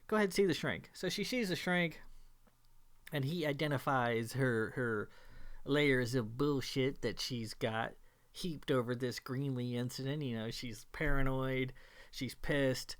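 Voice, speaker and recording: A man's voice: mid-range voice, a little slow, smooth. A man unhurriedly walking through the story of an old thriller, tossing in dry jokes along the way. He takes his time and lingers over his words. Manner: wry, joking retelling of a plot. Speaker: film commentator. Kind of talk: casual movie commentary.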